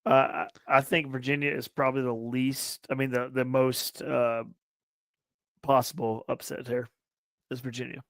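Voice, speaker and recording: A young man co-hosting a casual sports podcast, ranting loudly and profanely with a lot of repetition. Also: medium pitch, flat delivery, normal speed, no room sound. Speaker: podcast co-host.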